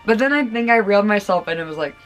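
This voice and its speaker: Young woman rambling a storytime to camera, lots of likes and gasps, soft music under it. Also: medium pitch, lively intonation, quick pace. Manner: chatty, lots of "like" and "oh my god" gasps. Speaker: vlogger. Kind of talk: casual storytime chat.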